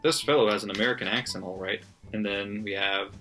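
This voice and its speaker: A man's voice: lowish voice, fairly even intonation, fairly quick, pushed and bright. A man casually reading out his margin notes from a book, laughing often and swearing freely. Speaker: book vlogger. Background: faint background music.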